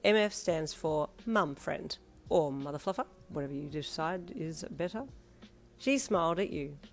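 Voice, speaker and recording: A woman's voice: low voice, lively intonation, moderate pace, soft background music. A woman narrating a fan fiction audiobook expressively in second person.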